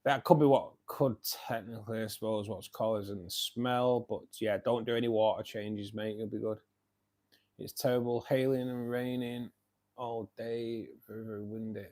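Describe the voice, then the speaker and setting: Mancunian male streamer, lowish voice, friendly chatty delivery, reads out viewer comments. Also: steady tone, normal speed, a little mellow. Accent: Northern English, Manchester. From England. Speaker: live stream host. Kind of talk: casual live chat reading viewer comments.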